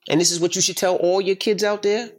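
A man's voice: sits high, fast. Blunt, profane middle-aged man telling a story. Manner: emphatic, profane, animated retelling. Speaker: podcast host. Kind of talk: casual storytelling chat.

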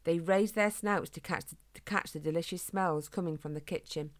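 A woman reading a children's storybook in a gentle, expressive way. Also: fairly low pitch, normal speed.

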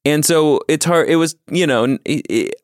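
A man guesting on a comedy podcast in casual chat, halting and hesitant, trailing off and restarting. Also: fairly high pitch, dry recording, clean studio sound.

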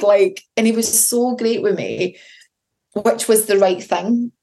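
A woman's voice: mid-range voice, unhurried, dark tone. A woman with children, hosting her podcast solo and telling a candid personal story in a chatty way, acting out the voices of the people she quotes. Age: adult with children. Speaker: podcast host.

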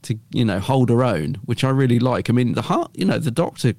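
A man's voice: medium pitch, expressive, fairly quick, a little mellow, no echo. A man co-hosting a podcast, chatting casually and rambling a little, with many fillers and restarts. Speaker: podcast co-host.

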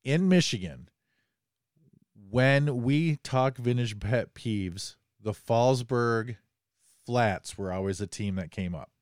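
A man's voice: mid-range voice, slow, a little mellow, dry recording, clean studio sound. A man hosting a casual podcast, joking and rambling as he talks, a bit under the weather. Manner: joking, rambling, self-deprecating. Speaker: podcast host.

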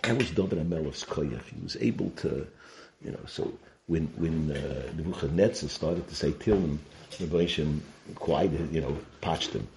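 Guy w a really low voice giving a torah talk, tells stories, drops yiddish words. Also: moderate pace, darkish tone, a little hiss or hum. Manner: storytelling, sprinkles Yiddish and Hebrew terms. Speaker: Torah teacher.

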